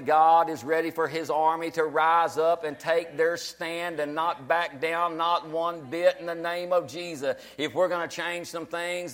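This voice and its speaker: Emphatic high-voiced preacher. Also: male voice, a bit bright. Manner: emphatic, repetitive exhortation. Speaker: pastor. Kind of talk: sermon.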